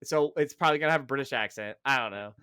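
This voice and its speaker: Bright, foul-mouthed ranting man. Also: mid-range voice, very fast, clean tone, dry recording, studio quality. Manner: profane, ranting and sarcastic. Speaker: podcast co-host. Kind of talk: casual podcast chat.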